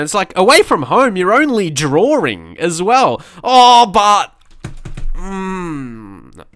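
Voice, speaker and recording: A man's voice: on the high side, fairly bright tone, no echo, clean studio sound. A young man chatting casually through his gameplay, rambling and reacting aloud to the match. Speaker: let's play commentator.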